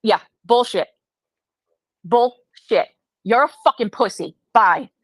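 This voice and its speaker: A woman's voice: fairly high pitch, lively intonation, slow pace, dry recording. A woman on a live stream, swearing and accusing a caller of lying. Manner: profane, accusatory. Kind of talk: heated live stream argument.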